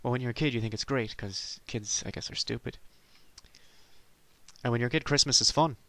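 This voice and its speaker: A man's voice: medium pitch, a little fast, pushed and bright. Sardonic rambling middle-aged man. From Ireland. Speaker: podcast host. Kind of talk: comic monologue.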